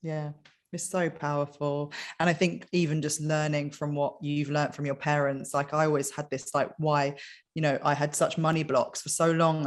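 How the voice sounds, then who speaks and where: A young woman, a podcast host talking openly and casually. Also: deep voice. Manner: open, confiding, says "like" often. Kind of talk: casual chat.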